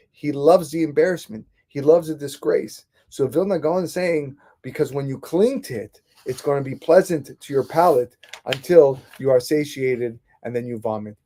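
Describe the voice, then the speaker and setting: Male rabbi, fairly high, mellow voice, animated storyteller, restarts often. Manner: animated retelling with many restarts. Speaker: rabbi teaching a class. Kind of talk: Torah class storytelling.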